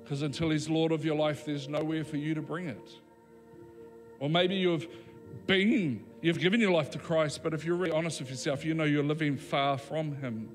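A man preaching a sermon as pastor, emphatic, with dramatic pauses and voiced quotes. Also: on the high side, fairly even intonation, in a large hall, faint music behind.

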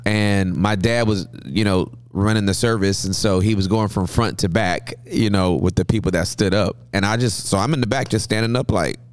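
Low-voiced storytelling man in his forties. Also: normal speed, hardly any pauses, no echo, clean studio sound. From Southern California, US. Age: 40s. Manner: humorous, lively storyteller. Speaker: guest pastor. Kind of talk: interview storytelling.

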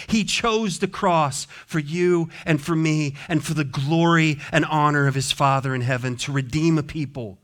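A man preaching a sermon as pastor, moving between soft, gentle consoling passages and emphatic, repeated declarations. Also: fairly high pitch, steady tone, moderate pace, hardly any pauses.

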